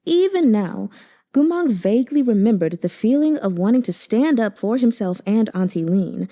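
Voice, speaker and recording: A woman narrating a novel aloud with expressive, emotive delivery. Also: fairly high pitch, normal speed. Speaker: audiobook reader.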